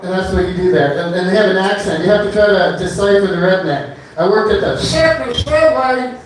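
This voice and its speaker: A man's voice: high-pitched, steady tone, fast, a little hiss or hum. A man performing a stand-up comedy set on a bar stage, rambling loosely with many fillers between one-liners. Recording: echoey club room from far off.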